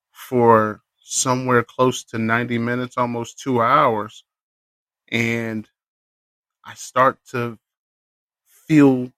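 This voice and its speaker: Profane, animated man telling a story. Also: mid-range voice, dry recording. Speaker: podcast host. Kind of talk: casual solo storytelling.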